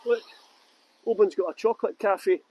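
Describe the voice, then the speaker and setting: A man's voice: high-pitched, normal speed, darkish tone, slightly rough, no echo, lo-fi sound. A middle-aged man with a strong Scottish accent, chatting to viewers by name as he leads a live-streamed walking tour through town streets at night, laughing often. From Scotland. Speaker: tour guide.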